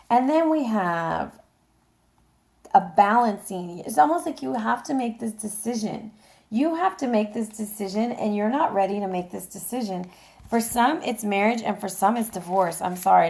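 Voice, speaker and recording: A woman's voice: medium pitch, creaky. Chatty woman reading tarot. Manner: chatty, addresses viewers directly, frequent fillers and laughs. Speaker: tarot reader. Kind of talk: casual tarot reading to viewers.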